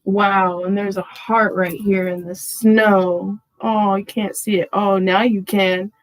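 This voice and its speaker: A woman's voice: medium pitch, slow pace, no room sound, low-quality recording. A woman doing a channeled tarot reading for her viewers, effusive and emphatic, calling them y'all and saying "freaking" a lot. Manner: gets excited and emphatic when revealing cards. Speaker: tarot card reader.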